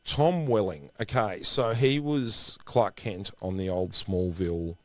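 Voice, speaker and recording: A middle-aged man co-hosting a podcast, telling anecdotes in an animated way. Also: on the low side, slow, dry recording. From Australia. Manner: animated storyteller, acts out quoted voices. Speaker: podcast co-host. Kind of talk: casual chat, anecdotes.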